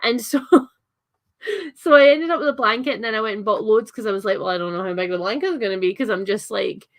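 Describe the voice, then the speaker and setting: A woman's voice: mid-range voice, fairly quick. A young adult woman with a Scottish accent chatting on a livestream, reading out comments with lots of fillers and giggles. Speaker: livestream host.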